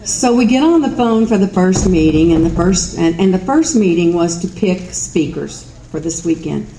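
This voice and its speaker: A woman's voice: on the low side, expressive, normal speed, gravelly, dark tone, slight background noise. A middle-aged woman with a Southern US accent gives a folksy, self-mocking storytelling speech at an event. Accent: Southern US, Kentucky. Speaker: speaker at an event. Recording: roomy hall sound with faint ambience.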